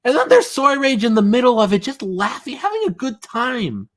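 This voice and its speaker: A man's voice: extremely high pitch, very animated, moderate pace. A man hosting a casual livestream, rambling and chatty, full of fillers and chuckles. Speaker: livestream host.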